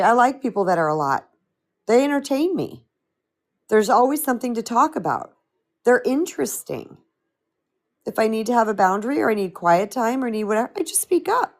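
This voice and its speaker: A middle-aged woman coaching on a live stream, with a slightly crackly voice, talking in an animated, chatty way and answering viewer comments. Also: on the high side. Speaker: spiritual empowerment coach.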